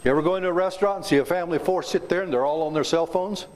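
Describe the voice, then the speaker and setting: A man's voice: fairly high pitch, very fast. A man in his seventies from Kansas, giving a folksy, joking talk to a club and quizzing the audience. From south central Kansas, USA. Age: 70s. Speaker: guest speaker. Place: club meeting room.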